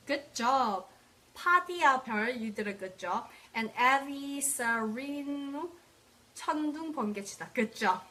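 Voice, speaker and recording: A woman's voice: sits high, a bit bright. A young woman teaching a live online language class, repeating words for drills and praising students by name. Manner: repeats words slowly for practice, cheerful praise.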